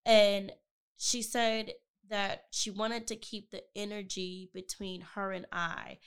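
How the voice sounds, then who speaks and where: A woman with a gravelly, fry-laced voice chatting on a podcast. She recounts stories with animation, replaying both sides of past conversations. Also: medium pitch, level tone, slow. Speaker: podcast co-host. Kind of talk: casual chat.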